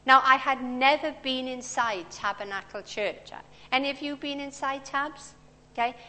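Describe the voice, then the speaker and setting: A woman's voice: a little high, fairly bright tone. A woman, preaching a sermon in a conversational, storytelling way. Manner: conversational, storytelling with personal anecdotes. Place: large church hall. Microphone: handheld or stand mic. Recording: long church reverb.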